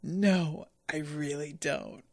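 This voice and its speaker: A woman doing a blunt, deadpan young swordsman. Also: lowish voice, takes it slowly, creaky, dry recording, studio quality, voice pushed down, full character voice.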